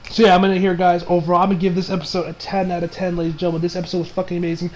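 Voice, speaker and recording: A man's voice: high voice, little pitch movement, rapid-fire, a little mellow, rough recording. A young man casually reviewing an anime episode, rambling, swearing and often breaking into laughter.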